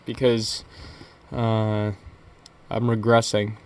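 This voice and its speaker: A man's voice: fairly low pitch, completely flat delivery, a little mellow, clean tone. Rambling young man on a podcast. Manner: rambling, halting with many fillers and restarts. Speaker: podcast co-host. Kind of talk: casual crude banter.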